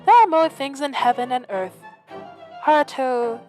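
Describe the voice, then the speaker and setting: A woman's voice: sits high, expressive, moderate pace, music in the background. A woman voicing an old male actor who declaims archaic verse in a grand, theatrical manner.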